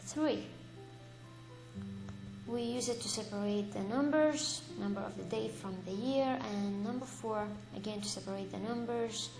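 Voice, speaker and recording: A woman teaching an English grammar lesson, reading example sentences aloud slowly and patiently, and correcting her own slips. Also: medium pitch, creaky. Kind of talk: slow, deliberate lesson for young learners. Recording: echoey room with faint music.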